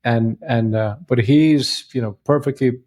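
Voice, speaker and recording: A man's voice: medium pitch, measured pace, darkish tone. A man co-hosting a podcast, speaking earnestly and reflectively with frequent restarts. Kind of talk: movie discussion podcast.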